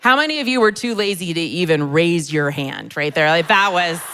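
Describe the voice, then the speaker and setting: A woman's voice: lowish voice, animated, bright, forceful tone, slight background noise. A middle-aged woman performing self-deprecating stand-up comedy on a church hall stage, chatty and conversational. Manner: self-deprecating, conversational, pausing for audience laughs. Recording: long hall reverb.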